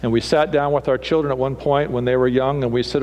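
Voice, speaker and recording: A middle-aged man preaching a sermon as pastor, animated and theatrical, acting out people's voices to make his points. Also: fast talker, in a large hall. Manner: animated, mimics people with raised pitch and punchy delivery.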